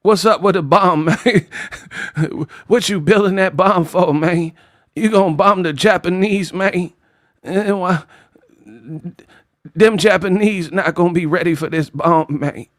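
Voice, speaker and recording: A slow, mumbling laid-back guy who drawls "man" at the end of every line, as a man puts him on for a bit. The voice sits soft and hushed, recorded dry and close. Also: high-pitched, no room sound. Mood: drawling.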